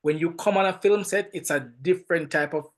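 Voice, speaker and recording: A man with a Jamaican accent, a film director and podcast guest, telling stories in an animated, emphatic way and often repeating words. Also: a little high, brisk. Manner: animated, emphatic storytelling with frequent word repeats. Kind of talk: casual podcast interview.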